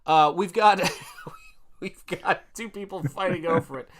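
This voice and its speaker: A middle-aged man from the United States hosts an art livestream, chatting casually while painting and reading viewer comments aloud with lots of exclamations. His voice sits high at a measured pace, with crowd noise audible.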